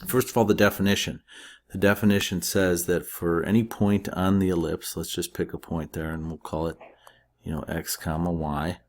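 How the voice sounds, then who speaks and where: A man's voice: low voice, flat delivery, normal speed. A man teaching a recorded math lesson, explaining steadily with frequent uh fillers.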